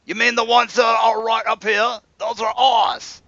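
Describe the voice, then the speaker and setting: A man's voice: extremely high pitch, little pitch movement, a little slow, pushed and bright, no room sound, muffled recording, voice pushed up, heavily acted. A man voicing a greedy, demanding bandit leader in a tabletop game, speaking haughtily. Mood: haughty. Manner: haughty, bargaining.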